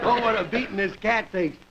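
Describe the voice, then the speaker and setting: Male comedy host, high voice, rambling folksy stand-up, laughs at his own gags; dull old broadcast audio, loud hiss. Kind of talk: stand-up monologue before a studio audience. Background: studio audience laughter.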